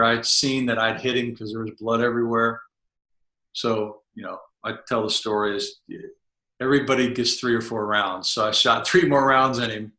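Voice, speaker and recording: In an echoey room, a middle-aged man who was once a Navy SEAL chief recounts a vivid first-person story for a podcast interview, performing the dialogue himself. His mid-range voice sounds bright and forceful.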